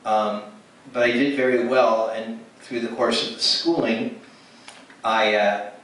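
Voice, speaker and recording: A man's voice: medium pitch, fairly even intonation, slow pace, a bit bright. A man giving a spoken testimony at a ministry gathering, storytelling with many restarts and acted-out dialogue. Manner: storytelling, acts out quoted dialogue with frequent restarts. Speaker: speaker at ministry event. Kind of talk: testimony sermon. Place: church hall. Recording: echoey hall from far off, faint noise.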